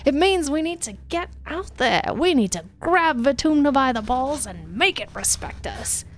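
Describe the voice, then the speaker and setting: A woman voicing a pompous middle-aged male colony governor, reading his speech in a slow, grandiose way from a text game. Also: high-pitched, big pitch swings, pitched above the performer's own voice. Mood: rousing.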